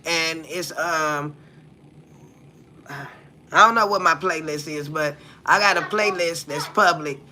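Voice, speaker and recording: A woman's voice: low voice, slow, long pauses, bright, forceful tone, slight background noise. A woman from the United States hosting a livestream, talking bluntly and profanely and throwing rhetorical questions at her viewers. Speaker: livestream host. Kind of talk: casual livestream talk.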